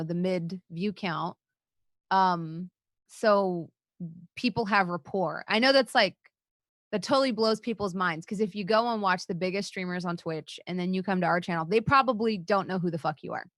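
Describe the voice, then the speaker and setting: A woman co-hosting a casual chat podcast, sarcastic and animated, swearing and acting out her own comebacks. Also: on the low side, no echo. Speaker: podcast co-host and streamer.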